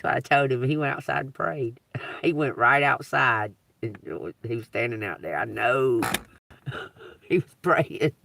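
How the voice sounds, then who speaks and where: A woman's voice: extremely low pitch, a little slow, creaky, a bit bright, recorded from a distance, a little hiss or hum. A woman tarot reader talking on a livestream, blunt and profane, who laughs often and preaches to her viewers. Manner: preachy, addresses the collective. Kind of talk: casual livestream talk.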